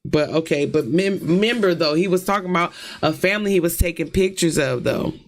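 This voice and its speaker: A man's voice: on the high side, a little fast. Bemused man reacting casually. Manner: chatty, bemused, thinking aloud. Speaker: reaction streamer.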